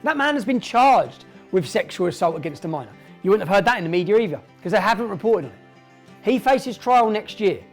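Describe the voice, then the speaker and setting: A man's voice: high-pitched, sing-song, a little fast, soft background music. A middle-aged English man with an emphatic, indignant and repetitive way of talking, speaking straight to camera in a monologue. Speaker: online commentator.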